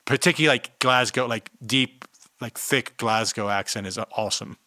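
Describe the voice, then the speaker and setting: A man co-hosting a podcast, talking with loose enthusiasm and plenty of swearing. His voice is bright and forward, and the recording is dry and close. The tone is casual chat among friends. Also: medium pitch, normal speed, no echo. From South Africa. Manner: enthusiastic, swears freely, many fillers. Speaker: podcast co-host.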